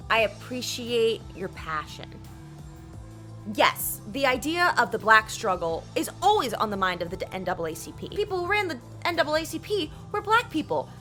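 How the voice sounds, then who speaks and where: A woman hosts a history show in a bright, somewhat high voice, telling the story like a lively, casual chat. She swears freely and slips into funny voices for the people she describes. Faint music plays behind her. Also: moderate pace. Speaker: host.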